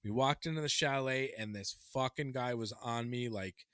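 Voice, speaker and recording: A man co-hosts a casual podcast, venting with heat and frequent swearing. His voice is bright and forceful, recorded dry and close to the mic with no room around it. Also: mid-range voice, moderate pace, clean tone, dry recording. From Canada. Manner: heated, swearing, animated ranting. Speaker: podcast co-host. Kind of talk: casual chat.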